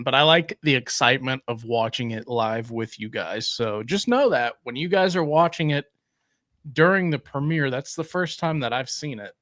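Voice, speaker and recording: A man co-hosting a casual live stream in a playful, joking way. He speaks at a middle pitch, and the sound is dry and close. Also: a bit bright, dry recording. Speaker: livestream co-host.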